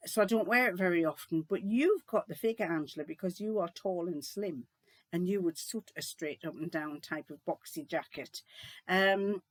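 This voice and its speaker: A chatty older woman answering viewer questions in a casual sewing vlog. She rambles, trails off and restarts, with plenty of fillers. Her voice sits at a middling pitch and sounds close and dry on a laptop mic. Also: no echo. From United Kingdom. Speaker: sewing vlogger.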